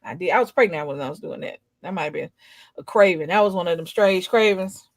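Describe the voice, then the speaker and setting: A woman's voice: lowish voice, fairly quick, dry recording. A young adult woman rambling in casual chat, drawling and emphatic as a co-host.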